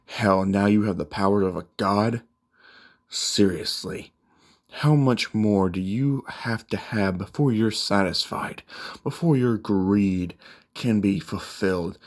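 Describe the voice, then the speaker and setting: Brief: enraged young hero demigod, bitter, vengeful, lowish voice, read by a man. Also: slow. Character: furious grieving young male demigod hero.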